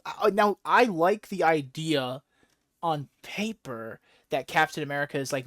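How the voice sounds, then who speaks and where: Excitable profane man with a sore throat. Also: on the high side, moderate pace, dry recording, studio quality. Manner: excitable, profane, acts out characters' lines. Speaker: podcast host. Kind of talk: casual chat.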